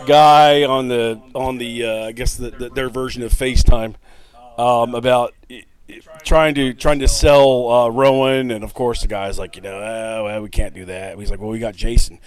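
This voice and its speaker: A man co-hosting a casual podcast, recapping a horror movie in a rambling, halting way with lots of restarts. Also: mid-range voice. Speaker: podcast co-host.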